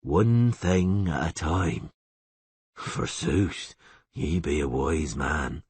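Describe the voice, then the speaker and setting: Man reads elder, slow and earnest, husky. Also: extremely low pitch, animated, darkish tone, no room sound, pitched below the performer's own voice, full character voice. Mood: plodding. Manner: slow, plodding, folksy speech. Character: rustic old male peasant elder, slow and earnest.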